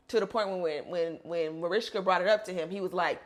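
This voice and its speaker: A woman's voice: on the low side, fast talker, few pauses. A woman co-hosting a podcast, retelling a story in gossipy casual chat and acting out the quotes. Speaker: podcast co-host.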